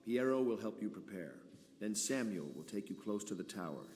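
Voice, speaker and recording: A man voicing a low, grave conspirator. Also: animated, moderate pace, crowd noise, close to an everyday voice. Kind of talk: video game dialogue. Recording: game audio with noise.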